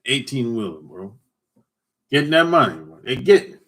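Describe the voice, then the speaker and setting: A man's voice: medium pitch, very animated, normal speed, fairly bright tone. A man hosting a casual livestream, teasing callers in loose slang and laughing often. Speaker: livestream host talking with callers. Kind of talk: casual chat.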